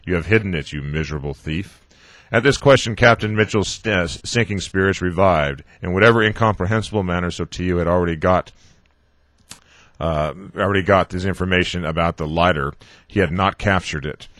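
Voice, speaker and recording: A man's voice: low-pitched, a bit bright, dry recording. A man reading a novel aloud on a radio show, stumbling often and correcting himself. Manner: halting, with frequent restarts and filler sounds. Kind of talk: audiobook-style reading.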